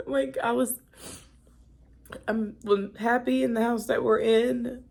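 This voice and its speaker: A woman's voice: fairly high pitch, little pitch movement, measured pace, vocal fry, a little mellow. A young woman talking to the camera in a personal vlog, emotional and tearful, rambling as she cries on and off. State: crying. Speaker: vlogger.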